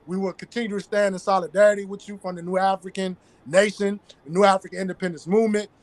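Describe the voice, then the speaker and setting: In an interview, a Southern US activist speaks fast and emphatically, circling back to his key phrases. His voice sits high with fairly even intonation, and the recording has no echo.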